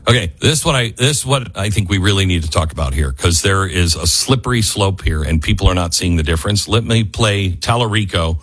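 A man hosting a talk radio show, delivering a fiery political monologue and quick ad reads. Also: deep voice, lively intonation, breathy edge. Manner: fiery, rising to near-yelling, then quick ad reads.

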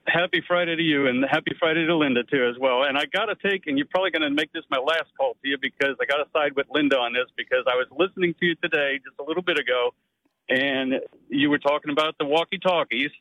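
A man's voice: a little high, quick pace, bright, forceful tone, no echo. A man from Pennsylvania calling a radio show for the first time, friendly and teasing. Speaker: caller. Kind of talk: casual phone call. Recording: muffled phone line.

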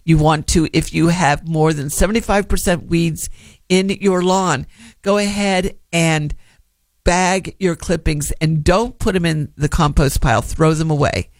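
A man hosts a gardening call-in show, rambling through tips in a chatty, friendly manner. His voice sits a little high for a man. The sound is dry and close, with no room around it. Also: a little slow, no echo. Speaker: gardening radio show host. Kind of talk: casual radio gardening advice.

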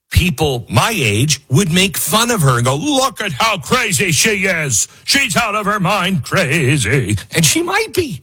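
Man, talk show host, husky, animated, laughing commentary. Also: medium pitch. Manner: animated, laughs often, repeats himself for emphasis. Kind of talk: opinionated commentary.

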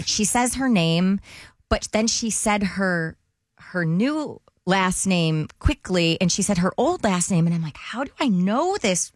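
A woman co-hosting a morning radio show, telling a lively story and acting out the voices of the people in it. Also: medium pitch, a little slow, dry recording, studio quality. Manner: animated storytelling, acts out quotes. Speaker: radio co-host.

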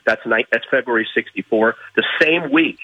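A man from Miami, a guest in an interview, telling anecdotes in an animated way and restarting his phrases. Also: medium pitch, moderate pace, husky, no room sound, phone-quality sound. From Miami, United States. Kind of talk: storytelling interview.

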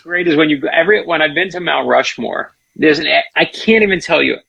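A man's voice: fairly high pitch, gravelly, bright, forceful tone, breathy edge, highs cut off. A man, an author guest, telling history stories with eager asides in a casual chat. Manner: enthusiastic storyteller, quick asides.

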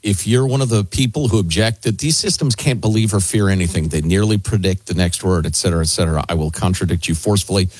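A man from the Chicago area hosting a talk radio show, delivering commentary and ad reads in a forceful, conversational way. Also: sits low, fast talker, few pauses, no echo. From Chicago area, United States.

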